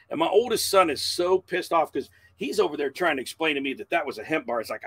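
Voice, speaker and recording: A man in his forties with a gravelly, husky voice, talking as a podcast guest. He tells his stories loudly and swears freely, in an easy, casual style. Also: on the high side, fast talker, few pauses, no room sound. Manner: loud, animated and swearing. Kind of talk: casual profane storytelling.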